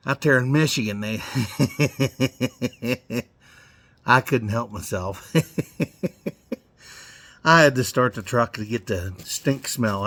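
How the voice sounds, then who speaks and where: A man's voice: medium pitch, a bit bright. A man in his forties rambling casually in his garage, swearing and chuckling as he goes. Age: 40s. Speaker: garage vlogger. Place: home garage.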